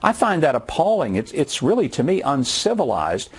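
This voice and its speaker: Brief: emphatic man in his sixties, husky voice, lively pitch, preacher's cadence. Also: normal speed. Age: 60s. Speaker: guest commentator. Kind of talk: impassioned TV commentary. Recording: studio TV broadcast.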